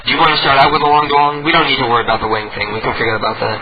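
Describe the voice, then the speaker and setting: A man's voice: mid-range voice, racing, a loud crowd. A man hosting an internet radio show, chatting casually in a laid-back, self-mocking way. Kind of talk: casual on-air chat. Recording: muffled lo-fi stream with loud hiss.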